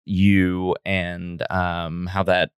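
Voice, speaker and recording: Smooth low-voiced man hosting a podcast. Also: completely flat delivery, drawn-out words, no room sound, clean studio sound. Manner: hesitant, many restarts and fillers. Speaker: podcast host, teacher. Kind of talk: casual podcast chat.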